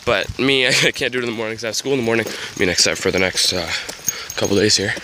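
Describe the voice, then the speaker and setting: A man's voice: on the low side, fast. A teenage boy talking casually to his camera, rambling with lots of ums and small laughs. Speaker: vlogger. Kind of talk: casual vlog talk to camera. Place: home, then outdoors by a road in heavy rain. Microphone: handheld camera. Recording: noisy outdoor recording with wind and rain. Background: wind and rain.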